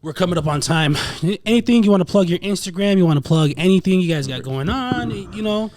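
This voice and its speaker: A man's voice: sits high, lively intonation, brisk, a little mellow, no room sound. A man hosting a podcast in casual, joking chat, swearing freely. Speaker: podcast host.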